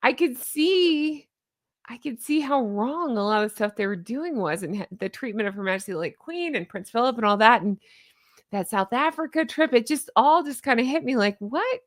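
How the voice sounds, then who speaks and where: A woman hosting her own commentary channel, talking casually into her microphone in an animated, sarcastic and rambling way. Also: on the high side, moderate pace, dry recording, studio quality.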